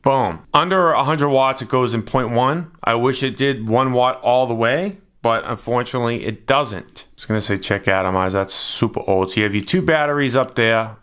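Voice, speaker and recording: A man's voice: mid-range voice, moderate pace, hardly any pauses, a bit bright. A man narrating a casual hands-on product review in a laid-back, matter-of-fact way.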